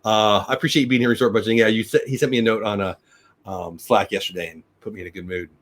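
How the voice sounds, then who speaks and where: A man's voice: lowish voice, fairly even intonation, rapid-fire, a bit bright. A middle-aged man hosting a daily live news show, rambling upbeat chat and thanking viewers by name. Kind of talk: casual live-stream chat.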